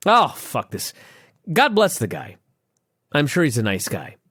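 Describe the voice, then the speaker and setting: A man's voice: medium pitch, a little slow, husky, no room sound, clean studio sound. A man co-hosting a casual podcast, joking and swearing freely as he talks. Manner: animated, profane, joking. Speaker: podcast co-host. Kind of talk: casual chat.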